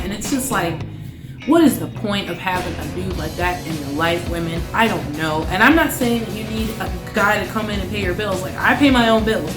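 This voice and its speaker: A woman hosts a reaction video and gives her views in a frank, lecturing tone. Her voice sits in a roomy, echoing space. Clear music plays underneath her talk. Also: mid-range voice. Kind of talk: reaction commentary.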